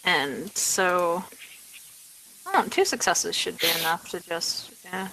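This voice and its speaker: A woman's voice: on the low side, very animated, measured pace, pushed and bright, a little hiss or hum, poor audio. A woman playing a tabletop game, narrating casually with many fillers. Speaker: tabletop player. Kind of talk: casual tabletop role-play.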